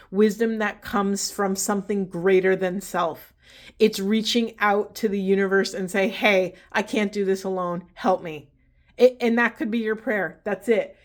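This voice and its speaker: A woman, hosting a spiritual reading and talking casually and earnestly to her viewers, encouraging them with many fillers and restarts. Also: medium pitch. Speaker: spiritual reader and host.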